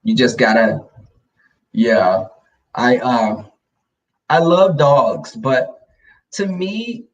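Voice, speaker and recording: Livestream host, male, gravelly and a touch high, chatty, talks to viewers, sits back from the mic. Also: recorded from a distance, low-quality recording. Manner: chatty storyteller addressing viewers. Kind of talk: casual livestream chat.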